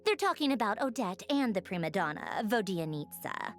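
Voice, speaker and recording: An actress voicing a composed adult woman in a fantasy video game, speaking in a measured, gracious, informative way. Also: medium pitch, big pitch swings, faint music behind, natural voice.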